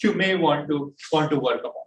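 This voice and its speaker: Halting man giving speech feedback, echoey. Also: fairly high pitch. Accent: Pakistani English. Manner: halting, repeats words often. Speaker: speech evaluator. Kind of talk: giving spoken feedback at a club meeting. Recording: echoey room from far off, faint noise.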